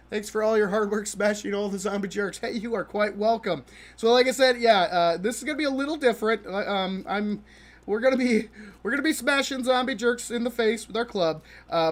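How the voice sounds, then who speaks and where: A man hosting a live stream, talking through a show he disliked while he plays a game. He is exasperated and mocking, laughs often, and stumbles and restarts his sentences a lot. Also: sits high. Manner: halting with many restarts. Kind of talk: live-stream reaction commentary while gaming.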